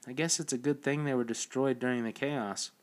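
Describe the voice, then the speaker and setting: A man's voice: mid-range voice, fairly even intonation, fairly quick, natural voice. A male narrator voicing a plainspoken young woman traveler in an audiobook, in a matter-of-fact way.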